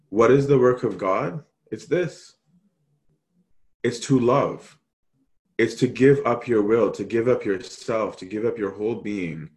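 A man preaching a sermon, animated and acting out quoted voices as he teaches. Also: fairly low pitch.

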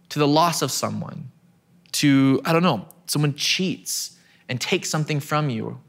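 A man's voice: on the high side, a little slow, vocal fry. Man preaching a casual, chatty sermon. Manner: conversational, self-deprecating, repeats words when restarting. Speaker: pastor. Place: church stage.

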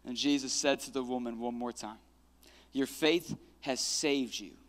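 A male pastor preaching a sermon in a church, retelling a Bible story, praying fervently and adding casual, energetic asides. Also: mid-range voice, measured pace. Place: church sanctuary. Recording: long hall reverb.

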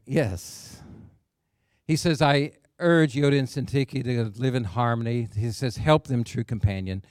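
A man's voice: medium pitch, a little slow, darkish tone, no echo, clean studio sound. A man preaching a sermon as pastor, emphatic, with call-and-response asides and phrase endings that drop to a near whisper.

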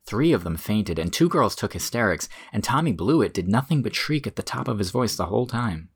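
A man playing a deep-voiced young schoolteacher. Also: animated, a little fast, slightly rough. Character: earnest young male schoolteacher. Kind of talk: full-cast audiobook reading.

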